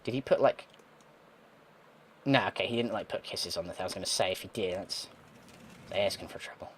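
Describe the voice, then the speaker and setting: A young let's play gamer with a low voice gives casual commentary on his gameplay at a brisk pace, with slight background noise. He thinks out loud, tossing in sarcastic asides and the occasional swear word.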